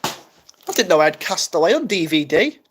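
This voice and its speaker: A man's voice: a little high, very animated, moderate pace. A young man from the UK chatting casually on a live stream, flustered and rambling, mocking himself as he goes. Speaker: ASMR livestreamer.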